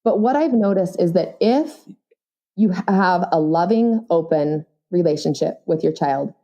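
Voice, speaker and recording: A woman in her thirties, a writer and mother, speaking as a podcast guest, earnest and animated with frequent fillers. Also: fairly low pitch, a little slow, highs cut off. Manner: earnest, animated, lots of "like" and "you know". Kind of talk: casual conversational interview.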